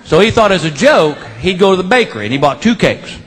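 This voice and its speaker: On a live comedy stage, a middle-aged man spins folksy yarns and lands each with a punchline while the crowd laughs. He speaks fast in a high voice with big pitch swings, slightly rough and a touch bright.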